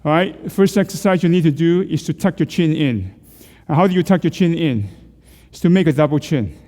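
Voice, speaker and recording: A middle-aged man with a slightly high, expressive, dark voice speaks briskly as he takes a class through neck exercises. The church hall lends a big-room sound while he coaches, asks questions and jokes with everyone.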